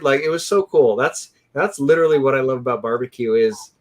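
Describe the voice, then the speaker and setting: A man hosting a live barbecue stream, chatting in an excitable, rambling way and saying "dude" a lot. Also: fairly high pitch, fairly quick. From California. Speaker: host of a live barbecue show. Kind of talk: casual live-stream chat.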